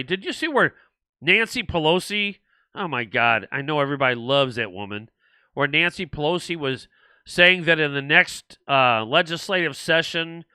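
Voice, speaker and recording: A man's voice: a little high, pushed and bright, no echo. An older man hosting a political livestream, rambling and indignant, with frequent restarts as he answers viewer comments. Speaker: livestream host.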